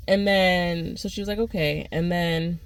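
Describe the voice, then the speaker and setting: Animated woman telling a story. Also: clean tone. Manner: animated, quotes people with rising pitch; fast, with restarts and repeated phrases. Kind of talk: casual storytelling vlog.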